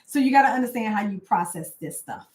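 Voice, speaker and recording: A woman's voice: medium pitch, expressive, fast, a little mellow. A woman life coach giving a casual, conversational motivational talk, often checking in with "right?" and "y'all". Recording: roomy echo.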